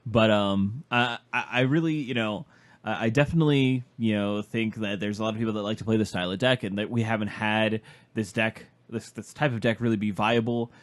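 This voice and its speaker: A man's voice: lowish voice, fairly even intonation, fairly quick. A man co-hosting a casual podcast, hesitant and often stammering over restarts. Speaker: podcast co-host. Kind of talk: casual chat about card game.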